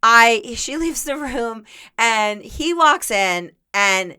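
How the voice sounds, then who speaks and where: A young woman co-hosting a podcast tells a long comedic story, rambling along with lots of fillers and laughter. Her voice is fairly high, sharp, and smooth, and she's animated while taking her time.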